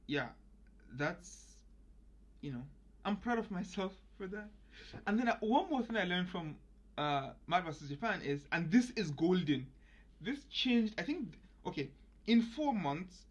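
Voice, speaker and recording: A young man chatting casually about his own learning, rambling with many fillers and restarts and sudden excited bursts. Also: on the high side. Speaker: language learning vlogger. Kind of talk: casual reflective monologue. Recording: muffled lo-fi audio.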